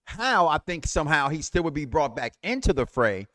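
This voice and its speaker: A man co-hosting a wrestling talk show, chatting casually in a lively, joking way with stammered restarts. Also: on the high side, normal speed, no room sound, clean studio sound. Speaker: wrestling podcast co-host. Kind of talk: casual barbershop-style chat.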